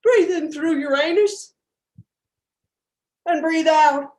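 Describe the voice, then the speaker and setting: A woman's voice: sits high, slow pace, darkish tone. A woman playing a flaky, self-absorbed new-age guru of sex and spirit, rambling dreamily in improvised character comedy over a video call from a bedroom. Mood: spacey. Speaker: improv performer. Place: home bedroom.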